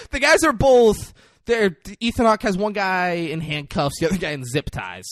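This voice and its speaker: A man co-hosting a podcast tells a movie story in a fairly high, lively voice that leaps around a lot. His talk is casual and profane, and the sound is dry and close. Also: moderate pace, few pauses, no echo. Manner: animated, profane storytelling with frequent laughter. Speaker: podcast co-host.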